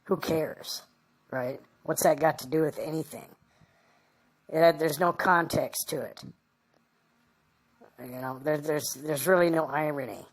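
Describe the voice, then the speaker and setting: Woman w a low deep voice, telling her story in an interview, keeps saying you know. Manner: halting and rambling, full of "you know". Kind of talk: recounting a personal story in an interview.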